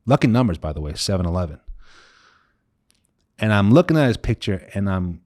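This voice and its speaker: Low-voiced man in his thirties telling a story. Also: very animated, a little fast, darkish tone, dry recording, clean studio sound. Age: 30s. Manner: candid, conversational, drops to a low voice on painful parts. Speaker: coach. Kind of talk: personal story told to camera.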